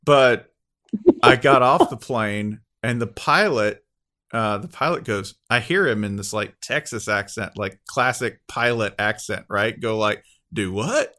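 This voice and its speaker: A man hosting a podcast, telling an anecdote in a lively way and acting out what others said. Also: fairly low pitch, unhurried. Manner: lively anecdote teller, acts out quotes. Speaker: podcast host. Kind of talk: casual chat.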